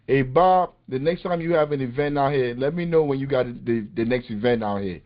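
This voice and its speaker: A man with a medium-pitched voice, speaking a little fast, hosts a political podcast. His talk is impassioned, emphatic and street-casual, and the call audio is muffled and lo-fi.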